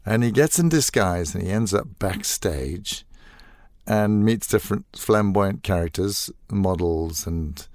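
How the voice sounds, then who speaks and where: An older man, a voice actor guest telling animated stories in a casual interview and acting out quoted lines. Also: on the low side, a little slow, no room sound, studio quality. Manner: animated storyteller, acts out quoted lines, laughs often.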